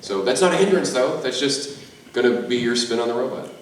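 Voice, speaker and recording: A man's voice: medium pitch, fairly quick, slight background noise. A man on a convention panel, talking casually and chattily, often adding "like" and "you know". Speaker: convention panelist, mime performer. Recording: echoey hall, far from the mic.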